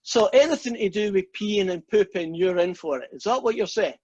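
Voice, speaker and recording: A husky-voiced man gives a casual, joking math lecture over a video call. He chats with plenty of fillers and false starts. His pitch sits a little high, and the sound is dull and lo-fi. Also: brisk, a little mellow. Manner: chatty, joking, with many fillers and restarts. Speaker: math teacher. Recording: dull lo-fi online call audio.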